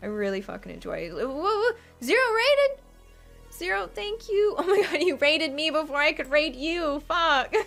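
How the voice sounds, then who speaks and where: A young woman streaming a game, excitable, laughing often and swearing freely as she chats with viewers. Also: very high voice, measured pace. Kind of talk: live gameplay chat. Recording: clear music behind her.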